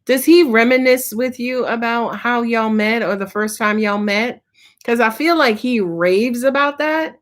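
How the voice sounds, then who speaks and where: A woman's voice: on the high side, unhurried. A woman tarot reader answering viewers' questions on a live stream, talking in a casual, slangy, profane way and sounding tired.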